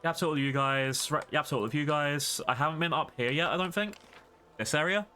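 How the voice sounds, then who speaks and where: A man's voice: on the high side, fairly quick, sharp tone, a little hiss or hum. A man streaming a game, chatting casually and rambling to his viewers with frequent laughs. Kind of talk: casual livestream gaming commentary.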